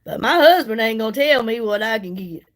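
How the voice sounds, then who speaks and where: A little fast and expressive, this middle-aged woman's voice sits on the high side, recorded at low quality. She chats casually with livestream viewers while doing her makeup and selling products, sassy and folksy, greeting people by name.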